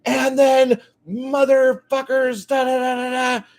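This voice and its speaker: Man doing a high, shrieking street crank who yells curses at passersby. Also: completely flat delivery, slow pace, heavily acted. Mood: yelling, ranting. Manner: shrill, profane yelling. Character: angry ranting man yelling outside a coffee shop.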